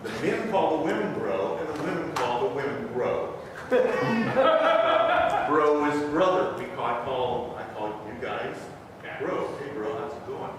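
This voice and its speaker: A man's voice: fairly high pitch, big pitch swings, slow. An older man in a class telling a chatty story about words, chuckling along as he goes. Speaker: class member. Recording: distant, echoey hall with noise.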